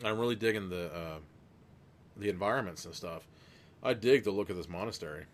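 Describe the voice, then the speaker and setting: A man's voice: low voice, a little fast. A young man hosting a live gamebook session, reading aloud and chatting casually, laughing often and swearing now and then. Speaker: host and narrator of a gamebook played live with chat votes.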